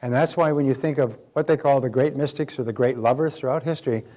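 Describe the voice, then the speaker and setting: A man's voice: mid-range voice, fast, warm tone. An older man giving a motivational seminar talk, emphatic and repeating key phrases, acting out quoted dialogue as he goes. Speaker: motivational speaker.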